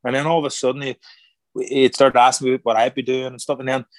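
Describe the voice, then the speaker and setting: A middle-aged man, a former boxer turned actor, telling stories in a casual interview, animated and acting out quoted voices. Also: medium pitch, fast talker, dry recording. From Ireland. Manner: animated, acts out quoted voices, repeats words. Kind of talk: casual conversational storytelling.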